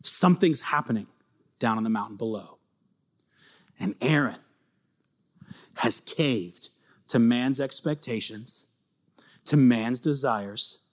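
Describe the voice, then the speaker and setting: A man preaching a sermon, retelling scripture as animated, dramatic storytelling that climbs toward near-shouting. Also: medium pitch, slow pace, pauses often.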